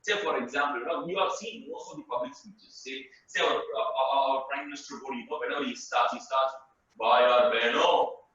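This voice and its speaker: A man's voice: medium pitch, fast, few pauses, sharp tone. A man giving an emphatic webinar talk over a video call, repeating phrases for stress. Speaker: webinar guest speaker. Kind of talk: motivational talk. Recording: echoey, distant, dull webinar audio.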